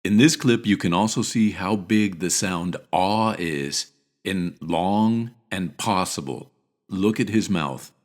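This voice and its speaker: A man teaching pronunciation in a scripted video lesson, repeating each word deliberately and clearly. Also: deep voice.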